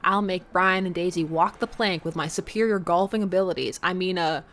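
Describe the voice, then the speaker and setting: A woman's voice: fairly low pitch, fairly quick, a bit bright. A woman chatting and joking as she plays a dating game, reading narration aloud. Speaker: streamer. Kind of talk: let's play commentary and reading game text.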